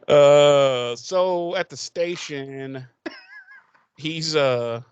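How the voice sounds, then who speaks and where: A man's voice: a little high, darkish tone, clear, resonant tone, muffled recording. A man co-hosting a podcast, casually recapping an episode in a rambling, profane way and acting out the characters' lines. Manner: rambling, profane, laughs often, acts out characters. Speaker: podcast co-host.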